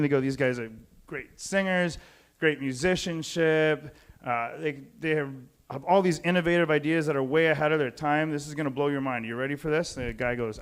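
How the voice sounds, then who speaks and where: Man, stand-up comedian, live stage, loose chatty crowd work, smooth clear voice. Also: a little high. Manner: loose, chatty, laughs at own jokes.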